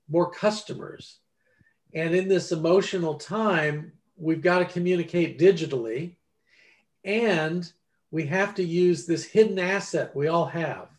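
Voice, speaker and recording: A man over forty, an author and ghostwriter, talking casually in an interview and acting out quoted conversations as he tells stories. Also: fairly high pitch. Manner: animated storyteller, acts out quoted dialogue.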